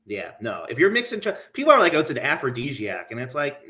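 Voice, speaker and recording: A man's voice: mid-range voice, wildly swooping pitch, fast talker, bright, forceful tone. A man who is a guest comic, chatting casually and rambling, with his talk full of filler words. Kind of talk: casual chat.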